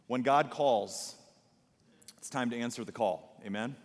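A man's voice: mid-range voice, unhurried. A man who is a pastor, addressing his congregation in a sermon with a welcoming, conversational manner. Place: church sanctuary. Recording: long hall reverb.

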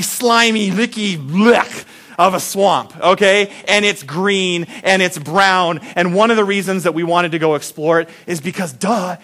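A man preaching a sermon, telling a childhood story with acted-out voices and big swings between loud and soft. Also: high voice. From Iowa. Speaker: pastor.

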